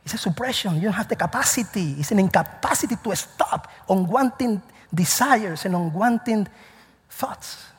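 Man, pastor, sermon, call-and-response questions, husky, long reverb. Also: sits high, lively intonation, moderate pace.

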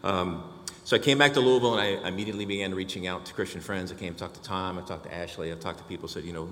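A man's voice: low voice, steady tone, rapid-fire, a bit bright, roomy sound, big-room sound, slight background noise. An older man giving a personal testimony to a church congregation, telling his story and acting out the dialogue.

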